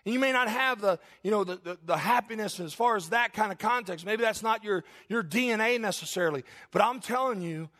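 A man from Kentucky, preaching an impassioned sermon. He builds to shouted emphasis and calls out for amens. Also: high voice, a little fast, hardly any pauses. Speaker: pastor.

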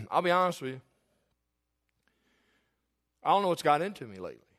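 A man's voice: fairly high pitch, sing-song, moderate pace, a bit bright. A middle-aged male pastor preaching a sermon, conversational and candid, with rhetorical questions. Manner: confessional, candid storytelling.

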